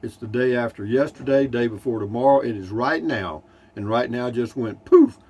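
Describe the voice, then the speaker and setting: A man's voice: mid-range voice, normal speed, a little mellow, breathy edge. An older man with a Texan accent, casually reading viewer comments from his motorhome, rambling and dryly joking. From Texas. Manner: folksy, rambling, dry humor. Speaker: RV vlogger. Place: inside a Class C motorhome.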